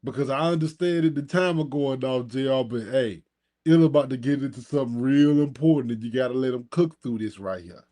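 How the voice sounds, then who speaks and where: A man commentating on a live stream, mocking and sarcastic, his voice jumping up high when he scoffs and talking straight at his audience. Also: a little fast, dark tone. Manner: talks directly to the audience. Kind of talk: reacting to a replayed live stream.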